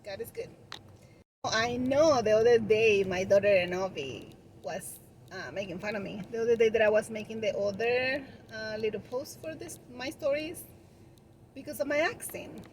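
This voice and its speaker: A woman's voice: fairly high pitch, moderate pace, slight background noise, poor audio. Chatty woman with a Spanish accent. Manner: chatty, with frequent restarts and fillers. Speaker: balloon decor business owner and vlogger. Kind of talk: casual chat to camera.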